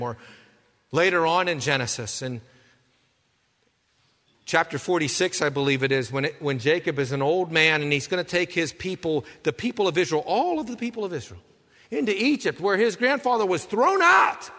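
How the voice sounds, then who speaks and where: High, bright-voiced male preacher in a hall. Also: animated, moderate pace. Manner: storytelling, swings between loud and hushed. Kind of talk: sermon. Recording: long reverb of a hall.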